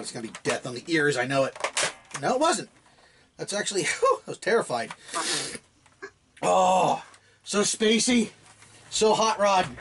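A man chatting casually while unboxing a gift, rambling and excitable, often laughing. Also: high voice, a little hiss or hum. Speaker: toy blaster hobbyist unboxing a gift.

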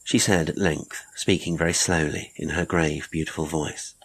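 Male horror audiobook narrator, deep and husky, measured and theatrical. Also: steady tone, fairly bright tone, poor audio.

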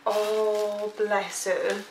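A woman's voice: mid-range voice, extremely slow, slight background noise. Gushing woman vlogging at home. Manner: gushing, excitable, lots of fillers. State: pregnant. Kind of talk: casual chat. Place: at home, indoors. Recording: echoey room, mic at a distance.

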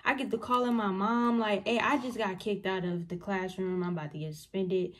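A young woman tells a story to her vlog audience. She talks in casual, slangy speech and acts out the lines of the people in it. Her voice sits at a middle pitch for a woman. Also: fairly quick. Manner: animated, slangy storytelling that acts out what others said. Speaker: vlogger.

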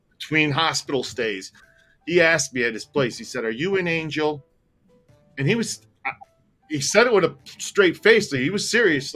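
In a relaxed storytelling chat, a tour operator with a bright, forceful voice rambles through a long tale with faint music in the background. He doubles back, swears freely, speaks candidly, and lets his feelings show more and more.

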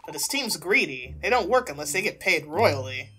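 A woman voicing a bystander creature in a game who explains a scene in a low, sympathetic tone. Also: sing-song, normal speed, sharp tone, slight background noise, full character voice. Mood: confiding.

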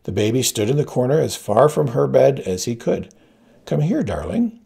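A man reading a story aloud, narrating in a gravelly voice and giving each character its own pitch. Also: fairly quick. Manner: reads all characters with shifting pitch, quiet narration tags. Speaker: audiobook reader. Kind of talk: scripted narration.

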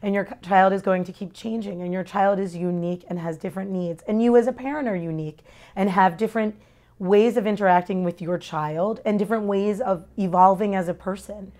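A woman, a mother, answering interview questions candidly about parenting, talking fast and earnestly with expressive shifts in tone. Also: medium pitch. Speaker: parent giving a testimonial.

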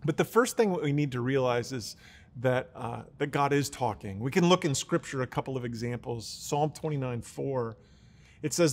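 A man's voice: medium pitch, moderate pace, long reverb tail. A man preaching a teaching sermon in an earnest, explaining way, often restarting his words. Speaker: pastor.

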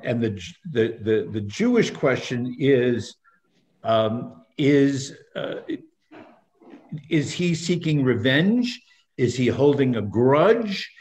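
A man reading scripture aloud in a measured, unhurried way, then leading a study group discussion over a video call. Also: medium pitch, darkish tone. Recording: roomy, dull lo-fi video call audio.

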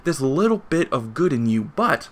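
A smug, scheming alien speaks in a thin, raised voice, as a man puts it on while reading a comic aloud. The tone is pitched well above an ordinary talking voice and sounds sly and self-satisfied. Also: big pitch swings, normal speed, a little hiss or hum, close to an everyday voice.

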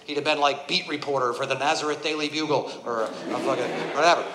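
A man doing a stand-up comedy set, ranting and swearing and building to angry shouts. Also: mid-range voice, quick pace, noisy background. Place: comedy club stage before a laughing audience. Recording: roomy live venue sound.

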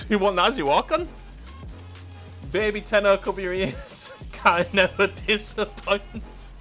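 A young British man streaming a game live, chatting playfully with viewers, laughing often and pleading in loud bursts. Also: sits high, a little slow, faint music behind. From United Kingdom.

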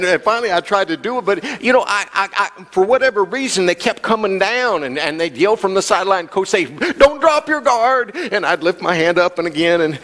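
Storytelling pastor in a reverberant church hall. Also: male voice, on the high side, a bit bright. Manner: humorous storytelling with repetition, chuckling. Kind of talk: sermon. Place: church sanctuary.

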